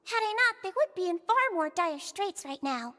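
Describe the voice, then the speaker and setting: A woman voicing a small, gentle nurse spirit in game dialogue, polite and patiently earnest. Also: very high voice, lively intonation, normal speed. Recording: long reverb hall sound.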